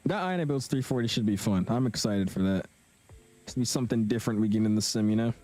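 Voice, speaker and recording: A young flight sim streamer chats with viewers on a live stream, talkative and slangy, reading the chat out loud. His voice is lowish and mellow, and he talks fast.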